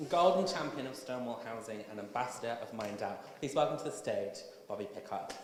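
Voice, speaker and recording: A man's voice: mid-range voice, expressive, fairly quick, some chatter behind, slight background noise. A man hosting an awards show, introducing speakers with wry jokes on stage. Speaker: awards host. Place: stage in a large event hall. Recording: echoey hall with long reverb.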